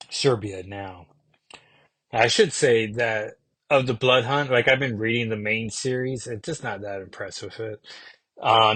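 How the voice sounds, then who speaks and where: Brief: an everyday man chatting through a comic review, mid-pitched, dry close mic, loose and rambling. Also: fairly bright tone, no room sound. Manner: rambling, with many fillers and self-corrections. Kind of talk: casual comic book review.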